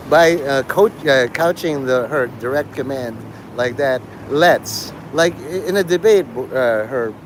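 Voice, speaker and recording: Man, rambling live-stream host, profane, slightly high voice, loud traffic noise behind. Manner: rambling, profane, jumps between topics. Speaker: livestream host.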